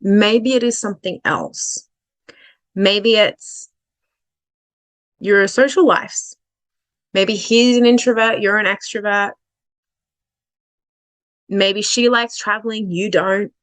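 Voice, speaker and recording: A woman's voice: medium pitch, a bit bright, no echo. Woman coach talking in a dry room. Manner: conversational, many fillers and restarts, slows down on key points. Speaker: relationship coach. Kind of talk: casual explanatory commentary.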